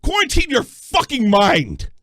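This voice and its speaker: A male call-in show host yelling and swearing at callers in a combative, profane rant. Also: very high-pitched, huge pitch swings, a little slow, no room sound, studio quality.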